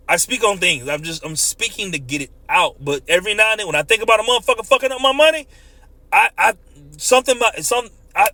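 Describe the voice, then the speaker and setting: A man's voice: extremely high pitch, sharp tone, no echo. A man in his thirties, a truck driver, ranting profanely in a casual monologue and laughing often as he tells stories.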